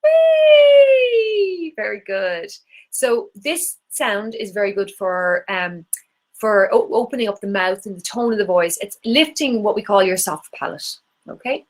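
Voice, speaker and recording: A woman's voice: medium pitch, normal speed. Irish woman teaching a singing class. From Ireland. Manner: encouraging, demonstrates vocal exercises. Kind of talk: live online singing workshop.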